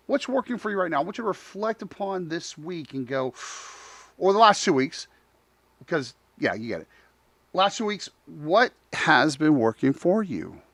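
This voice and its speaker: A man's voice: on the high side, sing-song, moderate pace, a bit bright, dry recording. A man hosting a live talk show, chatting casually and acting out dialogue, laughing often.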